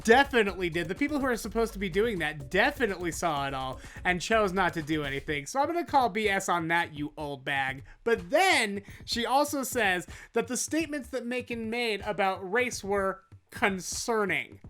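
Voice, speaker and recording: A woman's voice: mid-range voice, lively intonation, normal speed, hardly any pauses, a bit bright. Sarcastic woman host mocking the news. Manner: sarcastic, mocking, drawls phrases for emphasis. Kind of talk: comedic news recap.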